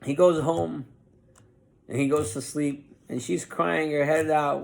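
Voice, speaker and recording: A rabbi tells a parable in a Torah class. His voice sits a little high for a man and leaps up and down as he acts out each character's lines. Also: slow pace, creaky. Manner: animated parable-telling with lively voiced quotes.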